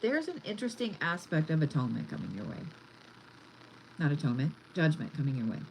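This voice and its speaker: A woman's voice: low-pitched, sing-song, quick pace, darkish tone, a little hiss or hum, low-quality recording. A woman giving a casual card reading, chatty and blunt, swearing freely as she talks. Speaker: tarot reader.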